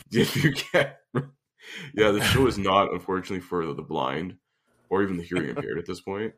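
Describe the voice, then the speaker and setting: A man's voice: low voice, moderate pace, fairly bright tone. A young man co-hosting a podcast, laid-back and laughing often. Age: young adult. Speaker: podcast co-host. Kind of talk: casual chat.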